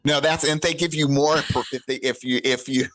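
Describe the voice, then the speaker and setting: A man from the United States, a podcast guest and coach, talking frankly and swearing freely in casual conversation, slowing down to stress his points. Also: medium pitch, steady tone, heavy background noise.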